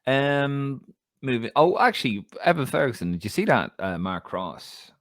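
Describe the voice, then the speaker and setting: An Irish man co-hosting a podcast, chatting casually about football, animated and swearing freely as he rants. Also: mid-range voice, moderate pace, no room sound, clean studio sound. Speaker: podcast co-host.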